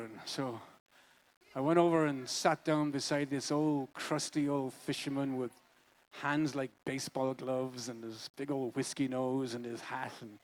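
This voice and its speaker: A man's voice: mid-range voice, unhurried. A man fronting a band, telling a rambling, jokey and wistful story on stage between songs. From Ireland. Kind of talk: stage banter and storytelling at a live concert. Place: live music venue.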